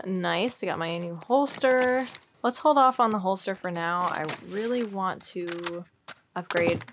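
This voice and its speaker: A woman's voice: fairly low pitch, creaky, a bit bright, slight background noise. A woman giving casual let's-play commentary, chatty and giggly, thinking aloud as she plays. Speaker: gaming streamer.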